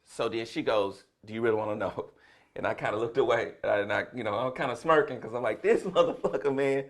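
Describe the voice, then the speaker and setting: A man's voice: on the low side, quick pace. A middle-aged man, a comedian, telling a story in a casual chat and laughing through the punchlines. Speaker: comedian guest.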